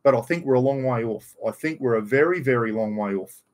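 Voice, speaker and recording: A middle-aged Australian man hosts a casual live stream, chatting bluntly and rambling while still getting over a cough, which lingers slightly after his illness. His voice is mid-range and brisk.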